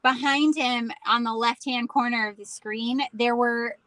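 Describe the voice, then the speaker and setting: Slow, hesitant woman. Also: fairly high pitch, steady tone, a bit bright. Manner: hesitant, searching for words. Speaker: podcast panelist. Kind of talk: casual chat.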